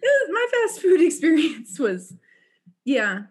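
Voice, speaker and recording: A woman telling a story in casual chat, animated and laughing often, with frequent restarts. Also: high-pitched, unhurried.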